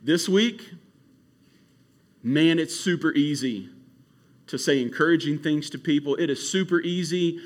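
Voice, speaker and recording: A man preaching to a youth camp in an animated, casual storytelling way. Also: on the high side, a little slow, long pauses. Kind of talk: youth sermon.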